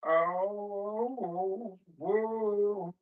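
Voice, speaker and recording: A man's voice: high-pitched, fairly even intonation, drawn-out words, phone-quality sound. A man hosting a livestream, chatting casually and loosely with slang, rambling and calling out viewers in the chat by name. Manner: loose, slangy everyday speech. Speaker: livestream host.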